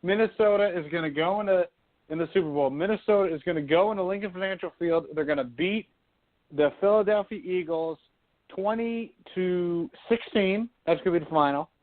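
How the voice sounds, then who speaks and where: A man's voice: sits high, fairly quick. A man co-hosting a radio talk show, giving confident, opinionated takes on sports and politics. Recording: phone-line quality audio.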